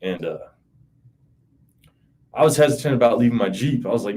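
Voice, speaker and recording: A man's voice: mid-range voice, lively intonation, normal speed, mellow, a little hiss or hum. A man in his thirties in an interview, recounting events in a rambling, profane, casual way with frequent "you know". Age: 30s. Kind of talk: casual spoken recollection.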